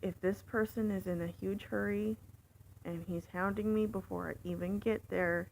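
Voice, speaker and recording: A woman's voice: mid-range voice, steady tone, normal speed, vocal fry, a little mellow, a little hiss or hum, poor audio. A woman rideshare driver telling a story in a candid, chatty way, with fillers. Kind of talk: casual storytelling vlog.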